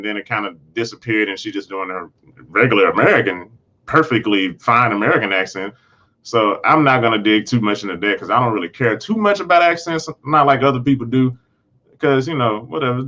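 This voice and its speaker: A man's voice: mid-range voice, a bit bright, lo-fi sound. Man casually recapping a TV episode. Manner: rambling, frequent restarts and self-corrections. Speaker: host.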